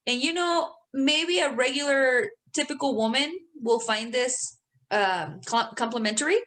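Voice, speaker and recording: A young woman co-hosting a casual podcast, talking loosely and swearing freely as she tells stories. She laughs often, and her voice sits a bit high. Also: unhurried, fairly bright tone. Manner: profane, laughing storyteller. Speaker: podcast co-host. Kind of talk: casual chat.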